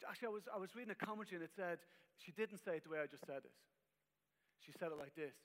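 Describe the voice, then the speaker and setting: A man's voice: high voice, racing, fairly bright tone. A man preaching a sermon as pastor, emphatic with wry asides, in a church hall. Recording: long reverb of a hall.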